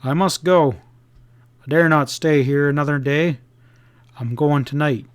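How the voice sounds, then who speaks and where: A frightened young cowhand from a western storybook, speaking in a hurried, faltering rush and tripping over his words, as a man reads him out. The voice sits a little high for a man. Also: clean tone, close to an everyday voice.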